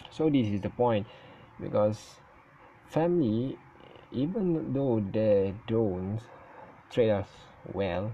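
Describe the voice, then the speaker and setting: A man whose first language is Malay, giving his opinion in casual talk on his channel, halting and stuttering and often correcting himself. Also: mid-range voice, animated, mellow, highs cut off, a little hiss or hum. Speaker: vlogger. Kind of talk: casual spoken opinion recording.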